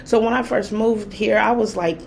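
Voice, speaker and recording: A woman's voice: medium pitch, steady tone, moderate pace, vocal fry, darkish tone, a little hiss or hum. A woman hosting her own spiritual channel, telling a personal story in a chatty, casual way with lots of laughter. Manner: chatty, laughs often, vivid quoted reactions.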